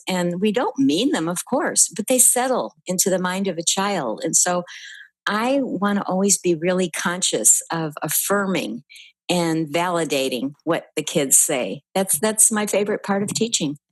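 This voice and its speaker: Gentle elderly woman recalling memories. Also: on the low side, expressive, a little slow, dry recording. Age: 80s. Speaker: guest, writing teacher and author. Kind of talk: reflective personal storytelling.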